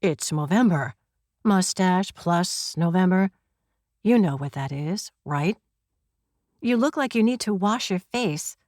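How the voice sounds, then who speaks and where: A woman's voice: on the low side, lively intonation, slow, darkish tone, no room sound, clean studio sound. A woman voicing a sarcastic male police constable who needles his colleague, in an audiobook reading. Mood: dry.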